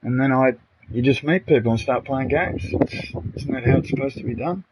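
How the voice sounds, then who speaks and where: Animated and a touch fast, with a medium pitch, a middle-aged Australian gamer talks with party members on a live stream. Blunt and aggrieved, he swears freely and calls everyone mate and bro. The home streaming mic is muffled and noisy.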